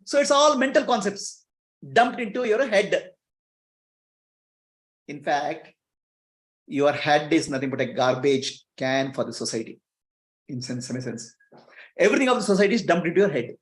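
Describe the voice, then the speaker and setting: A man's voice: fairly high pitch, big pitch swings, normal speed, long pauses. A man giving a spiritual teaching talk, asking his listeners rhetorical questions and chuckling between points. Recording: echoey room.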